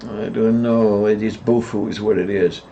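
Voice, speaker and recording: A man co-hosting a casual chat, dry and hesitant, clearing his throat at times. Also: lowish voice, steady tone, normal speed, mellow. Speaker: podcast co-host. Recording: dull lo-fi mic with faint noise.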